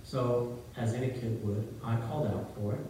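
A middle-aged pastor's mellow, mid-range voice holds a steady tone at normal speed as he preaches a sermon, tells a story, and frequently asks the congregation questions. There's a little hiss or hum, and the church hall audio is very echoey and distant.

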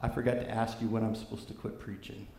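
A man's voice: lowish voice, flat delivery, quick pace, creaky, dark tone, reverberant. A man from California preaching a sermon and telling a story in a loose, conversational way, with frequent fillers.

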